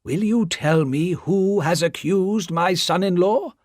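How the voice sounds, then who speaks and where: A woman voicing an elderly father, speaking softly and calmly in a read-aloud story. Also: sits high, slow pace, no echo, clean studio sound, voice pushed up. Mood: grave. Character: elderly father, grave and calm.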